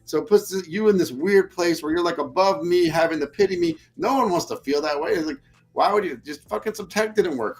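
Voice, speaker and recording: Blunt, swearing man, slightly high voice. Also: low-quality recording. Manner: blunt, emphatic, swears freely. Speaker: host. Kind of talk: leadership podcast talk.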